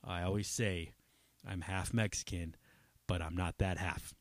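A man's voice: low voice, steady tone, unhurried, no room sound, studio quality. A man hosting his own podcast in a loose, rambling chat, swearing freely and drifting between asides. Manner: rambling and profane, full of fillers and asides. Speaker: podcast host. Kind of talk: casual chat.

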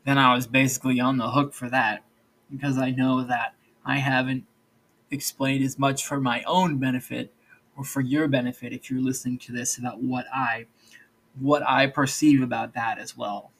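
A man's voice: mid-range voice, flat delivery, moderate pace, a bit bright, poor audio. A man hosting a solo podcast, talking in a loose, rambling way with frequent restarts. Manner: rambling, loose, with many restarts and "all right, so". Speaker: podcast host.

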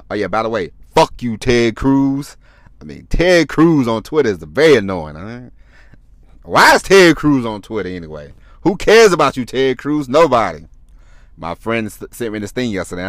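A man talks through his solo podcast in a loose, rambling flow, restarting his sentences and swearing freely. His voice sits on the low side, and the recording is dry and close with no room sound. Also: dry recording. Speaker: podcast host. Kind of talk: casual solo podcast talk.

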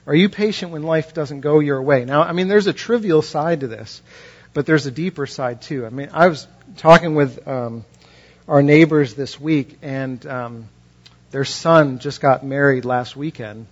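A man preaching a sermon as a pastor, talking conversationally and acting out quoted voices, his pitch climbing when he gets impassioned. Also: a little slow. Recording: dull lo-fi recording.

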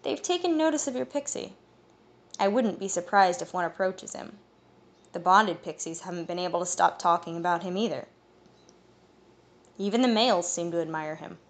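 Wise old-ish fae man, measured and knowing, low rough voice, woman reading. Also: lively intonation. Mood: amused.

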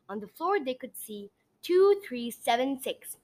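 A woman reading her own storybook aloud as narrator, animated and dramatic. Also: high-pitched, measured pace.

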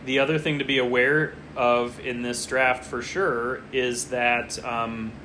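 A man talking in a loose, rambling way and drifting between a story and the draft in front of him. His pitch sits in the middle range for a man. A faint hum of noise runs underneath. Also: flat delivery, slow pace, pushed and bright. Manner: rambling, chatty, easily distracted. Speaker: podcast co-host. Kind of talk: casual chat during a fantasy football draft.

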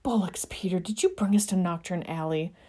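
Woman as brash young wizard friend, hushed exasperated urgency in a storybook reading. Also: lowish voice, animated, moderate pace, husky. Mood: urgent.

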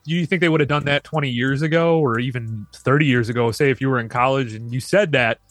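A man co-hosting a casual podcast chat, joking often and quick to laugh. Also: medium pitch, a bit bright, no room sound. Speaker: podcast co-host.

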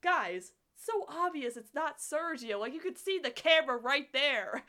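Young woman, casual chat, exasperated animated ranting, bright voice, slightly high pitch. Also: measured pace. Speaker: podcast co-host reviewing a cartoon.

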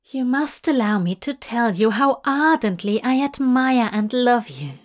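A woman's voice: fairly high pitch, expressive, unhurried. A woman voicing an earnest, fussy, bookish male angel who declaims love poetry in a fanfiction audiobook reading. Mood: ardent.

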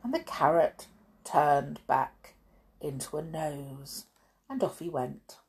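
A woman reading a children's storybook aloud with expressive, swooping emphasis. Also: low-pitched, slow pace, breathy edge.

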